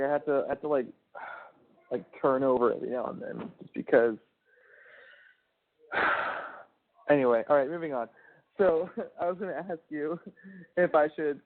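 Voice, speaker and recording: Man, mid-pitched voice, affectionate, laughs often, heavy swearing, lo-fi phone sound. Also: vocal fry. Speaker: caller on a prison phone call. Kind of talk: casual phone chat. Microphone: telephone. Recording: tinny phone line.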